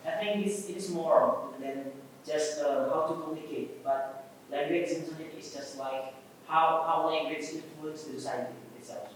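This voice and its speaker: A man's voice: a little high, steady tone, normal speed. A male student answering in class, hesitant and repeating words as he searches for them. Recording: far off in echoey classroom, faint hum.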